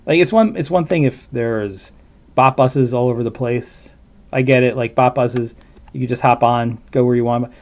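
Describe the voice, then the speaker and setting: A man with a mid-range, slightly mellow voice speaks at a normal pace. He's hosting a casual livestream and reacting to a video, rambling and chatty with plenty of asides.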